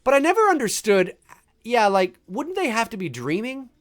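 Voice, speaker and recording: A man talks over a movie in loose, joking commentary, laughing and tossing in mock lines from the scenes. His voice sits high and swings widely up and down as he reacts. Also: big pitch swings, moderate pace, fairly bright tone. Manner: chatty, jokey, reacting with laughs and mock quotes. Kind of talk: casual live movie commentary.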